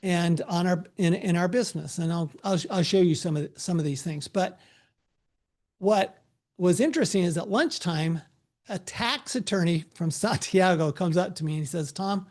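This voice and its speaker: A middle-aged man, a tax advisor, giving a relaxed, anecdote-filled presentation over a video call with frequent restarts. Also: sits high, moderate pace. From United States.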